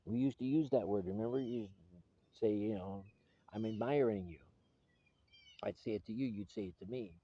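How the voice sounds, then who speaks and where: A man's voice: on the low side, a little fast, highs cut off. A man recording a personal video message to his estranged wife, earnest and pleading, often restarting his sentences.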